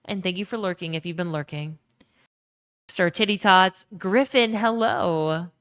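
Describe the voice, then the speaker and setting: A woman's voice: on the low side, measured pace, fairly bright tone. A young woman with a Southern US accent chatting casually on a live stream, swearing freely and reading out chat messages. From Louisiana.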